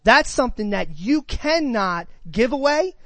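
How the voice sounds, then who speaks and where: A man's voice: extremely high pitch, big pitch swings, unhurried, a bit bright, no echo. A man preaching a sermon, reading scripture and asking his congregation questions with emphatic delivery.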